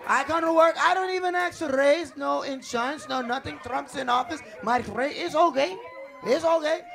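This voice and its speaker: A comedian doing a hurt immigrant worker in broken English. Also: male voice, very high-pitched, normal speed, creaky, a crowd in the background, voice pushed up. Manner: pleading, broken English, wounded calm.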